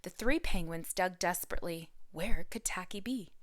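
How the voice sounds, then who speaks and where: A woman who is a teacher, reading a children's picture book aloud with expressive storytelling. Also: on the low side, moderate pace, no room sound, clean studio sound.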